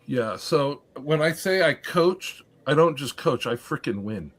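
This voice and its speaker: A man who coaches high school football, talking on a podcast panel in a wry, self-deprecating way. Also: expressive, a little slow. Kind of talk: casual podcast chat.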